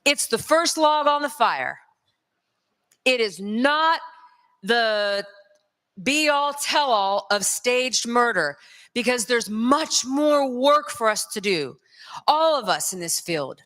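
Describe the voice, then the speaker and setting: A woman from North Carolina with a Southern accent, giving a lively conference lecture straight to the audience. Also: fairly high pitch, takes it slowly. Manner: lively, addresses the crowd directly. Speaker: conference speaker. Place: large conference hall. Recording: long hall reverb.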